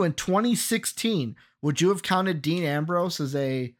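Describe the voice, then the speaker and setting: A man's voice: on the high side, expressive, unhurried. A man co-hosting a wrestling podcast in casual chat, reeling off facts and giving blunt opinions. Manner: lists facts matter-of-factly, blunt opinions. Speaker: podcast co-host.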